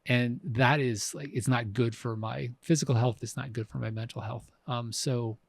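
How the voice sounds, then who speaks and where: A man's voice: medium pitch, steady tone, normal speed, gravelly, no echo. A man in his fifties co-hosting a podcast, talking reflectively and often restarting his sentences. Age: 50s. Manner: reflective, frequent restarts and fillers. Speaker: podcast co-host. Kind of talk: casual conversation.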